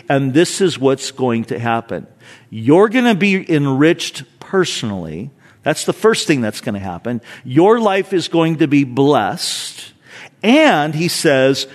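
A male pastor preaches in a church sanctuary with a fairly high, lively voice that rises and falls a great deal. He reads scripture and acts out quoted speech, often repeating a word as he restarts. A long hall reverb trails each phrase. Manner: repeats words when restarting. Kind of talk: sermon with scripture reading.

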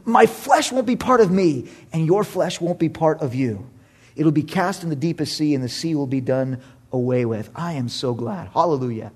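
A man in his thirties preaching a sermon, animated and humorous, jumping from loud exclamations to hushed asides. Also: sits high, breathy edge. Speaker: pastor.

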